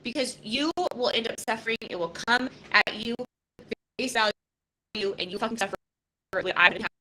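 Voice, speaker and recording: Bright-voiced woman in her fifties, raw and profane. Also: a little high, normal speed, a little hiss or hum, low-quality recording. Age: 50s. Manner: raw, emotional and profane, with many restarts. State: close to tears. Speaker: podcast host. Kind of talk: casual live podcast talk.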